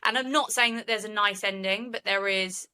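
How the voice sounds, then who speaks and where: A woman's voice: medium pitch, fairly even intonation, normal speed, sharp tone, smooth, rough recording. A woman, co-hosting a podcast and retelling a case in earnest, opinionated chat. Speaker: true crime podcast co-host.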